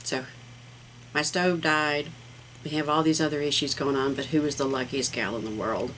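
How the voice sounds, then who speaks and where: A woman's voice: low voice, fairly even intonation, moderate pace, fairly bright tone, slight background noise, low-quality recording. A middle-aged woman hosting a casual craft vlog, talking in a rambling, heartfelt way with plenty of fillers. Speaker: craft channel host.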